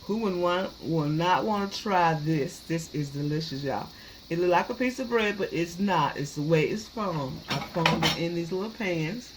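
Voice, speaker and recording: A woman's voice: on the low side, normal speed, background noise. A woman hosting a casual home cooking video in her kitchen, folksy and chatty, often saying "y'all.". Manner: folksy, repeats "y'all" and "yes, indeed". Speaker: cooking channel host.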